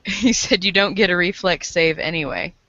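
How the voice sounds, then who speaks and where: A man's voice: high voice, moderate pace, pushed and bright, no room sound. A man playing in a tabletop game, teasing the others with dry jokes. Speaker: player. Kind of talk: casual tabletop play. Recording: dull lo-fi recording.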